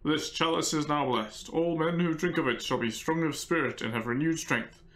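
A man voicing a stern male god who pronounces judgment slowly and solemnly. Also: on the high side, fairly bright tone, close to an everyday voice.

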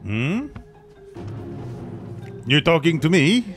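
Brief: man running a tabletop game, halting and animated. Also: fairly high pitch, soft background music. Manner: halting, restarting narration. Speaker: game master.

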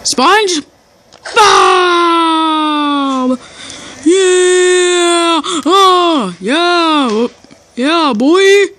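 Excitable woman cheering through gameplay. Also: extremely high pitch, very slow, pauses often, a little hiss or hum. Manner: excitable, shouts and cheers at the game. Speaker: gameplay commentator. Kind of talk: casual let's-play commentary. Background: game music.

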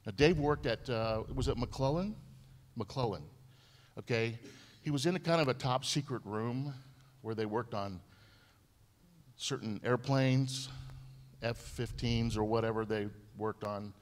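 A man giving a memorial eulogy in a church, telling anecdotes with repeated phrases and halting restarts. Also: mid-range voice. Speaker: eulogy speaker. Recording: long hall reverb.

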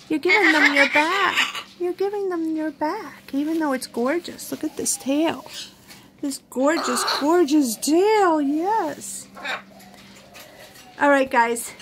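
A woman's voice: sits high, noisy background. A woman vlogger at home, chatting in sweet baby talk to her pet birds and laughing often. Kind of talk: casual chat with pets and viewers.

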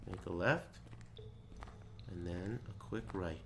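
His voice sits low with vocal fry, and he speaks slowly over slight background noise. The gaming streamer is doing let's play commentary on a horror game, muttering directions and swearing when startled.

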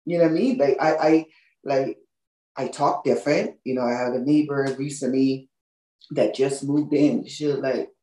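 Low-voiced woman with a Hawaiian Pidgin accent. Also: moderate pace. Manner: relaxed, repeats "you know what I mean". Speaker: guest. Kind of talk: casual interview. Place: now living in Texas. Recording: roomy, distant from the mic.

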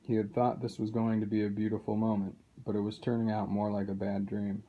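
A man reading a children's novel aloud in a steady, unhurried way. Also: on the low side, breathy edge, phone-quality sound. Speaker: reader.

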